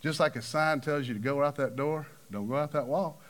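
A man preaching a sermon, acting out the people in his stories with big swings of voice. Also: a little fast. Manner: animated, acts out quoted figures with big pitch swings.

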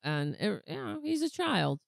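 A woman hosting a casual political commentary show, talking sarcastically and rambling, her voice going hoarse. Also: medium pitch, sing-song, no room sound. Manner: sarcastic, rambling, slow-paced. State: losing her voice, clearing throat. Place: home, pet on lap.

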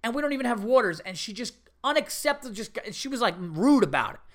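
A man telling a story on his podcast in a loose, conversational way. He curses freely, and his voice swings up into sharp, indignant outbursts before dropping back to an easy, chatty tone. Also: very high-pitched, fast talker. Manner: animated, swearing, rising to indignant bursts. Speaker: podcast host. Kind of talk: casual storytelling monologue.

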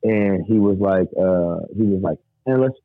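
A male guest with a deep, steady voice speaks a little slowly, telling an emotional personal story in a rambling, vivid way and acting out the voices of people he quotes. The recording is dry and tinny, like a phone.

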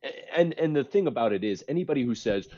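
A man's voice: mid-range voice, animated, quick pace, warm tone, muffled recording. A man co-hosting a podcast, talking casually but with impassioned, pleading emphasis. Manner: impassioned, pleading, repeats himself. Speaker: podcast co-host. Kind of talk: casual chat.

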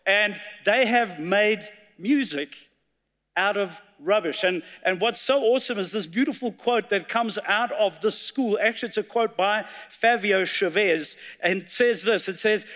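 A man's voice: high voice, fairly bright tone. A man preaching a sermon, telling a story and reciting poetry with feeling. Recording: long hall reverb.

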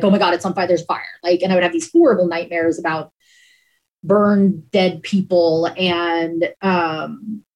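A woman's voice: fairly low pitch, a little mellow, low-quality recording. Candid woman dispatcher telling her story. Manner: candid and emotional, peppered with "like". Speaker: emergency dispatcher. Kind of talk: personal storytelling in an interview.

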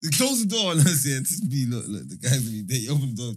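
Young guy telling a story, husky, voice jumping all over, slangy and laughy. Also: medium pitch, fast talker. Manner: animated, laughing, full of London slang fillers. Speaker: storyteller in a chat. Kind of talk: casual storytelling chat.

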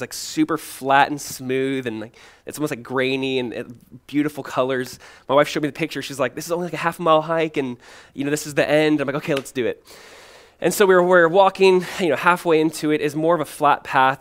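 A young adult man, a pastor, giving a sermon in a relaxed, conversational storytelling way with lots of casual fillers. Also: mid-range voice. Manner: conversational storytelling, many fillers like "like" and "you know".

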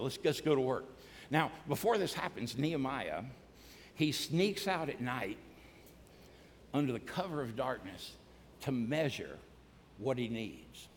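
A male pastor preaching a sermon to a church, energetic, often shouting and singing along with the congregation. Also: medium pitch, long reverb tail, slight background noise. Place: large church hall.

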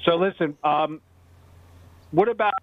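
A man's voice: fairly high pitch, a little slow, no echo. A man from Seattle hosting a sports betting radio show, talkative and insistent as he explains his points. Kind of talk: casual radio banter. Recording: dry phone-line sound.

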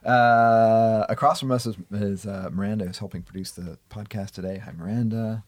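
A man's voice: lowish voice, fairly even intonation, normal speed, dry recording. A man co-hosting a podcast from a radio studio, casual and dryly joking with many hesitations. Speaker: podcast co-host, economics professor. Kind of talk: casual chat. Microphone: studio mic.

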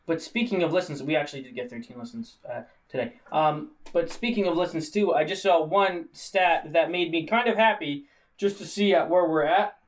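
A man's voice: a little high, normal speed, far from the mic. A man hosting a casual podcast, rambling and joking, often laughing as he talks. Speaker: podcast host.

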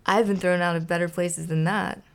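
A woman voicing a grumpy male trash-can monster in a gruff, snapping way while reading a children's storybook aloud. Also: fairly low pitch, steady tone, moderate pace, close to an everyday voice. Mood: grumbling.

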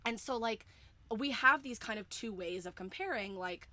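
Bright-voiced woman in rambling fan chat. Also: a little high, moderate pace. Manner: excited fan rambling with swearing and frequent "like". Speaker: podcast co-host. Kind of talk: casual chat.

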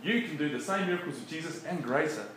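A man preaching in a relaxed, conversational way, often chuckling between his points. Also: a little high, fast. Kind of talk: conversational sermon. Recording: echoey room with faint background noise.

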